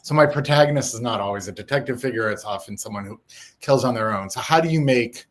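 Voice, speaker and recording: A man's voice: medium pitch, fast talker. Man, author guest, thoughtful, explanatory, casual talk. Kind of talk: casual interview chat.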